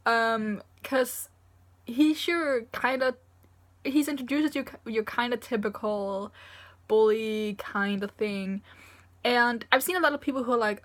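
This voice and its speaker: A young woman reviews a manga chapter in casual, gushing talk. Her voice sits a little high. She is openly emotional, with sighs and plenty of fillers. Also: a little slow, fairly bright tone.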